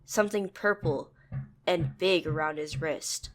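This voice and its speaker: A woman narrates a second-person fan story in a plain, even way. Her voice sits a bit low. She moves steadily through the scene. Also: measured pace.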